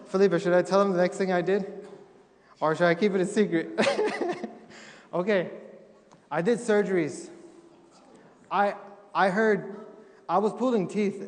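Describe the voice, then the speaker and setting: A young man with a fairly high voice tells funny stories of his mission work to a church crowd. He acts out the voices in his stories. His voice rings with the long echo of a big church hall. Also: moderate pace, long pauses. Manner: humorous storytelling, acting out quotes. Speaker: missionary speaker. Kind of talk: testimony talk to a congregation. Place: church sanctuary.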